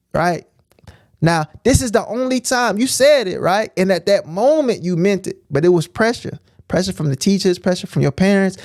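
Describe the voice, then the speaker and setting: Higher-voiced man preaching casually. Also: a little mellow, no room sound, studio quality. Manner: emphatic, repetitive, keeps asking "right?". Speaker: streamer teaching scripture. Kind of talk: informal preaching on a livestream.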